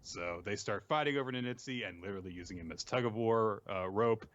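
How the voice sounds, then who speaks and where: A man casually recapping manga chapters on a podcast, joking and putting on high voices for the characters. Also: a little fast, fairly bright tone, muffled recording. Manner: jokey, puts on high voices for quoted characters.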